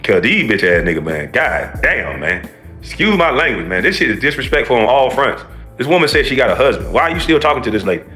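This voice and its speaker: A man's voice: mid-range voice, sing-song, quick pace, bright, forceful tone, faint music behind. A man giving a heated, profane reaction commentary, ranting and preaching to his viewers.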